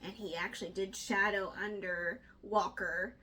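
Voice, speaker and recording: A young woman co-hosts a casual book discussion, chatty and animated, swearing now and then and acting out what the characters say. Her voice sits mid-range and moves a little slowly, with a slight hiss or hum in the recording.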